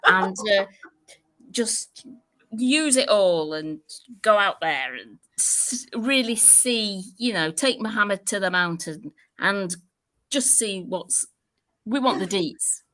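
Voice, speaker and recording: A woman on a casual chat, making teasing deadpan jokes. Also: mid-range voice, takes it slowly, no echo, poor audio. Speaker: guest.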